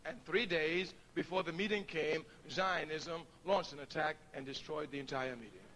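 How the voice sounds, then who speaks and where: A man's voice: a little high, moderate pace, pushed and bright, slight background noise. A middle-aged man giving a public speech to an audience, telling stories in an emphatic, preacherly way. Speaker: speaker addressing an audience.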